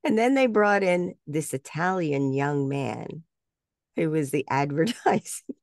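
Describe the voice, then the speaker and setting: A woman's voice: low voice, expressive, unhurried, darkish tone, no echo, studio quality. An older woman, a voice actress, telling stories in a casual interview, laughing often and mimicking other voices. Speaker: guest speaker and voice actress.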